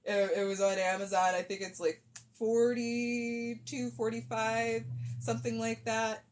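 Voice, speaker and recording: A woman's voice: on the high side, flat delivery, unhurried, darkish tone, slight background noise. A woman chatting casually on a cosplay live stream, rambling and self-deprecating while she fixes a wig at home.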